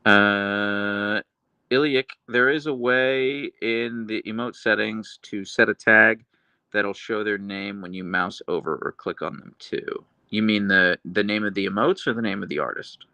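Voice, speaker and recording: Casual streamer, male, deadpan dry delivery, bright gravelly tone, close dry sound. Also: on the low side, a little slow, no room sound, muffled recording. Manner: chatty, earnest, with restarts and laughs. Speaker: livestream host reading chat. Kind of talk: casual live stream chat.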